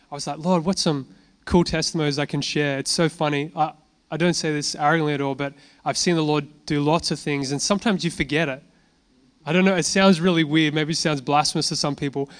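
A man preaches in a relaxed, chatty way, sharing stories from his own life. His voice sits a little high for a man and sounds smooth and clear. He keeps throwing rhetorical questions at the listeners and then answering them himself. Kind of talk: informal sermon with personal testimony.

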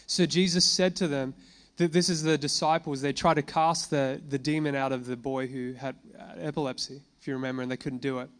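A man preaching to a congregation, reading scripture slowly and then explaining it in a relaxed conversational way, with fillers and questions to the room. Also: mid-range voice. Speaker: pastor. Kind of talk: sermon. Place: church gathering addressing a congregation.

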